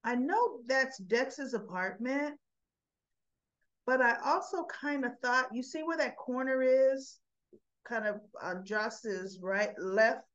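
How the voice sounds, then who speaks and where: A woman with a fairly high voice talks slowly and chattily as she recaps a soap episode. She jumps higher to play out the quoted lines. The recording is dull and lo-fi. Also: animated, a bit bright. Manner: chatty, acts out quotes with rising pitch. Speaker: soap opera recap vlogger. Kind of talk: casual retelling of a soap episode.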